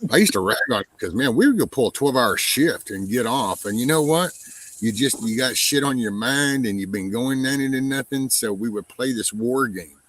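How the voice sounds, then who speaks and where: A man's voice: medium pitch, lively intonation, a little fast, dry recording, rough recording. A man chatting casually as host, telling stories, mimicking other people's voices and swearing freely. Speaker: podcast host. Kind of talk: casual chat.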